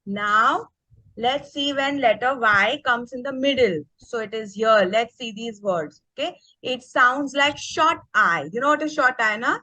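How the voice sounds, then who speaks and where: A woman's voice: fairly high pitch, unhurried, sharp tone, no room sound, rough recording. A woman leading an online teacher workshop. She speaks with energy and keeps checking in with the group by asking "okay?". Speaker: teacher trainer. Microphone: video call.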